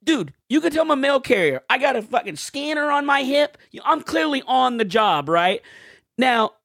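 An animated man ranting about fast food. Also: very high voice, gravelly, no echo, studio quality. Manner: animated, ranting complaints, swearing. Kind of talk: casual chat.

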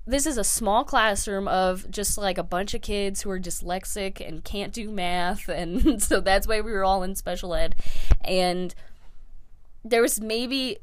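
A young woman co-hosting a podcast, telling a story in casual chat, animated and laughing as she acts out what people said. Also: medium pitch, a little slow. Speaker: podcast co-host.

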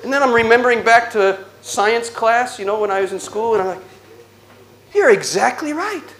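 A man giving an inspirational religious talk, telling stories slowly with dramatic pauses and a playful, animated delivery. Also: very high voice, slight background noise. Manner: slow dramatic storytelling with pauses. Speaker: Catholic speaker.

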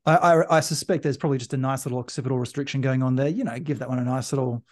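A man's voice: mid-range voice, racing. Playful man hosting a therapy podcast. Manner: playful, teaching, loves doing voices. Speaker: podcast host, manual therapist. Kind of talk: casual podcast chat.

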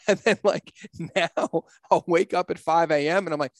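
A middle-aged man speaking as a podcast guest in a casual conversation, blunt and emphatic, with frequent swearing. His voice sits a little high for a man. The sound is dry and close, with no room around it. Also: normal speed, hardly any pauses, no room sound. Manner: blunt, profane, emphatic storyteller.

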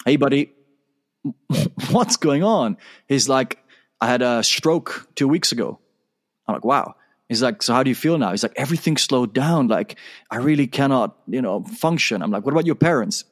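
A man's voice: medium pitch, lively intonation, fairly quick. A man guesting on an interview show tells a story with energy. He acts out the conversation, switching between his own lines and the other person's.

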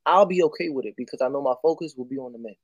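A man chatting as a guest on a video-call livestream, talking with many fillers and getting animated in quick bursts. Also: medium pitch, no room sound, highs cut off. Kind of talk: casual chat.

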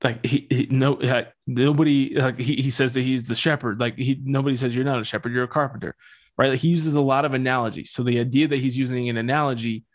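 A man's voice: mid-range voice, fairly even intonation, fast, few pauses. A young man hosting a podcast who talks through a Bible passage in a casual, joking way, heavy on slang and fillers. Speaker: podcast host. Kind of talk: casual scripture talk.

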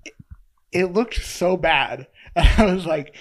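A man with a slightly higher voice tells a funny story in a relaxed podcast chat. He laughs often and slips into the voices of the people he describes. The talk is loose and casual. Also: takes it slowly. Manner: laughs often while telling a story, acts out voices in quotes.

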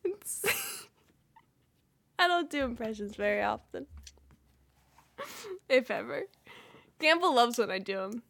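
A woman's voice: a little high, wildly swooping pitch, takes it slowly, vocal fry, long pauses, a bit bright. A young woman hosting a podcast in casual chat, giggly and self-deprecating, with lots of fillers. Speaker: podcast host.

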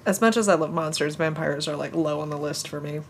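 A woman's voice: deep voice, a little fast, slight background noise. A woman co-hosting a podcast, chatting casually and thinking aloud, correcting herself as she goes. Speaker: podcast co-host and reader. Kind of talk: casual chat and story reading.

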